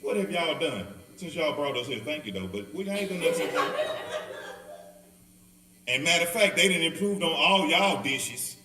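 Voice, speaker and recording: A man's voice: a little high, moderate pace. A man with a Southern accent teaching a Bible study, joking, laughing and acting out the people in his stories. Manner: animated, laughing, acts out quoted people. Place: church hall. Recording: echoey hall, speaker far off.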